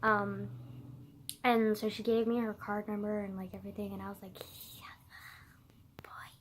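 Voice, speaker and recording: A woman's voice: mid-range voice, flat delivery, brisk, a little hiss or hum. A young woman telling a personal story in a casual vlog, rambling with constant "like" and casual swearing.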